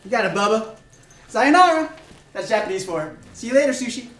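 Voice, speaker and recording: A dopey, melodramatic lab assistant, played by a man keeps cracking bad puns. His pitch bounces around a lot. He sounds far off in an echoey room with music behind. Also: sing-song, a little fast, a bit bright. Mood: goofy. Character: goofy doom-saying male lab assistant.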